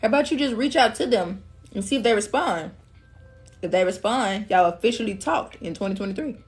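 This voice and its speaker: A woman's voice: mid-range voice, expressive, fairly quick, faint music behind. A woman giving a casual live-stream tarot reading, chatty and laughing often, calling listeners love and queen. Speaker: tarot reader.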